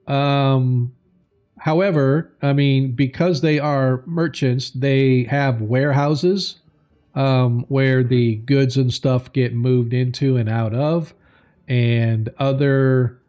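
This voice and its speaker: A man narrating a tabletop game as game master, slow and halting with many fillers. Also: medium pitch, fairly even intonation, darkish tone.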